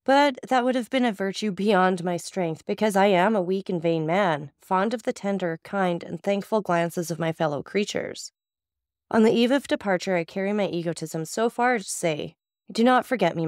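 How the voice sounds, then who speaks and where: A woman reading the lines of a composed, persuasive nobleman in an audiobook, courteous and measured. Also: mid-range voice, darkish tone, dry recording, clean studio sound, natural voice.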